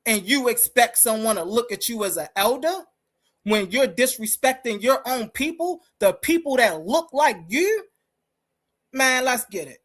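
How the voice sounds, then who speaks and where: A woman's voice: a little high, lively intonation, unhurried. A woman hosting a live-stream commentary, talking in an emphatic, combative way and speaking straight to her listeners. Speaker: host.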